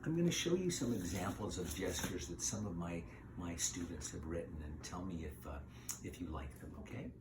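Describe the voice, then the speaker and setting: A man's voice: low-pitched, normal speed, noisy background. A man teaching a pre-K class, telling a story with big gestures and acted voices. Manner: animated, acts out voices and gestures. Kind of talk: storytelling lesson for young children.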